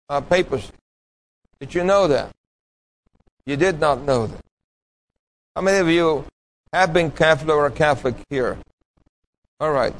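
In a low-quality recording with a little background noise, a preacher with a slightly high, somewhat bright voice delivers a pointed, emphatic sermon. He throws questions at the congregation, then supplies the answers himself, call-and-response fashion.

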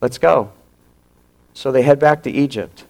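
A male pastor preaching a sermon, retelling a story with animated acted-out quotes and hushed drops for emphasis. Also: mid-range voice, measured pace, gravelly.

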